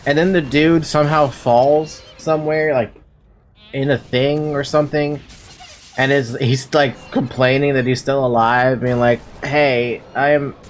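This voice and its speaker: A man's voice: medium pitch, fairly even intonation, measured pace, slight background noise. A young man streaming a game from home, chatting casually with playful, giggly, melodramatic complaints.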